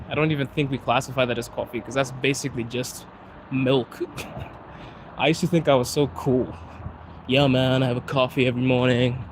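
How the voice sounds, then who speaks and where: A man, live streaming outdoors on a city street into a phone, chatting in a rambling way and laughing often. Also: medium pitch. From Zimbabwe. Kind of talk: casual live-stream chat with viewers. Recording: outdoor traffic noise.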